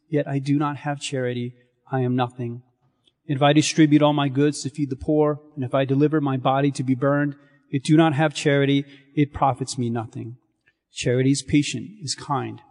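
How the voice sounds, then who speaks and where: A man serving as a priest, reading scripture and preaching in a measured, solemn cadence in a church. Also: a little high, darkish tone. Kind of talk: liturgical reading and sermon. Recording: long reverb of a church.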